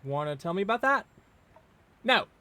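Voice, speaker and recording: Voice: mid-range voice, big pitch swings, normal speed, bright, forceful tone. A streamer voicing a dry, teasing tavern innkeeper woman in a put-on Scottish accent, with faint music behind.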